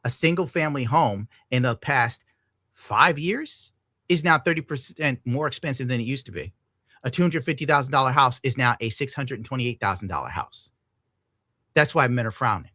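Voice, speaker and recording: Bright, profane ranting male streamer. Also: medium pitch, lively intonation, normal speed, no room sound, studio quality. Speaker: streamer reacting to a clip. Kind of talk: ranting live-stream commentary.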